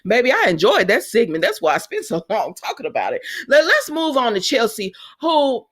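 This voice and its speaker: A woman's voice: fairly high pitch, moderate pace, few pauses. A woman casually recapping a soap opera episode, acting out the characters' lines as she goes. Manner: animated, acts out characters' lines. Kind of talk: casual recap with acted quotes.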